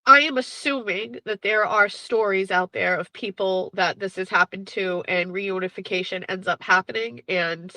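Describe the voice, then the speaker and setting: A middle-aged woman hosts her own show and tells a personal family story. She speaks in a bright, forceful voice, halting and emotional, and keeps stopping to clear her throat. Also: mid-range voice, no room sound, low-quality recording. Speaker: show host.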